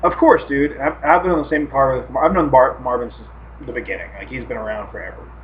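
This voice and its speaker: A man's voice: medium pitch, fast talker. Casting: man, podcast co-host, swears through rowdy fight stories, lo-fi recording. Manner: profane animated storytelling. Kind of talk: casual podcast chat. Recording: muffled lo-fi with faint hiss.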